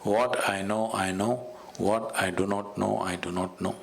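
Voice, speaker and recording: A man with an Indian English accent, a spiritual teacher speaking in a measured, storytelling way. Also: fairly low pitch, steady tone, creaky, crowd noise. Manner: measured and storytelling, with soft laughs. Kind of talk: conversational teaching with a told fable.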